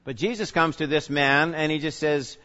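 A male pastor teaching a sermon in a conversational way, putting questions to the congregation and swinging between loud emphasis and quiet asides. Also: a little high, normal speed. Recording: reverberant hall, dull lo-fi sound.

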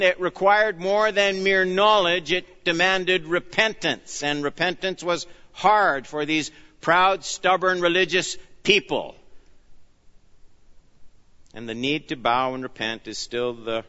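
A man preaching an expository sermon, earnest and emphatic, often dropping low and soft on key phrases. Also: slow. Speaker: pastor. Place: church. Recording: dull sound, long reverb of a church hall.

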